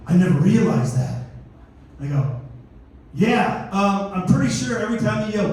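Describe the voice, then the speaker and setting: Middle-aged guy doing standup, high-ish voice, acts out all the characters, super echoey theater, mic far away. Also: moderate pace. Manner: animated storytelling, acting out characters. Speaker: stand-up comedian. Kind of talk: stand-up comedy routine. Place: large theater stage.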